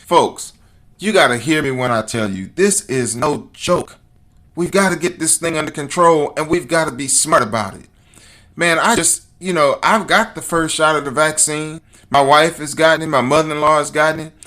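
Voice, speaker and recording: A man hosting a podcast, shifting between emphatic, repetitive commentary and relaxed, chatty sponsor reads. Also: a little high, normal speed. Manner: fired up and emphatic, preacher-like repetition; calm and conversational in sponsor reads. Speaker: podcast host.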